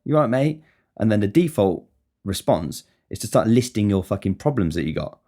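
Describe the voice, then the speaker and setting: A man's voice: on the low side, lively intonation, a little fast, warm tone. A man talking casually on his podcast in a rambling monologue, swearing constantly and wryly. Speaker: podcast host.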